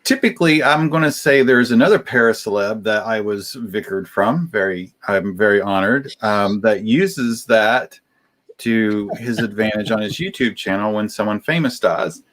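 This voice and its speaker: A man co-hosting a casual podcast chat, speaking haltingly with many restarts as he tries to stay calm. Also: lowish voice.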